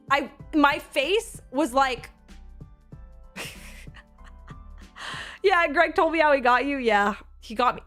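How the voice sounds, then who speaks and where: A young woman streamer casually telling a story to her chat, animated and laughing, full of quick restarts and acted-out quotes. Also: high-pitched. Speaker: streamer recounting an event.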